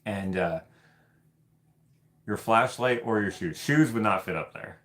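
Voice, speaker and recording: A man's voice: fairly low pitch, a little slow. Laughing man telling a story on a livestream. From Canada. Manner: animated, laughing, loose and profane. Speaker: host of live hangout stream.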